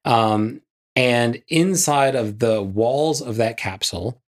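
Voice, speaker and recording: A man's voice: mid-range voice, slow pace. A man co-hosting a podcast, chatting casually with frequent "like" and "yeah" and jokey asides. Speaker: podcast co-host. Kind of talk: casual chat.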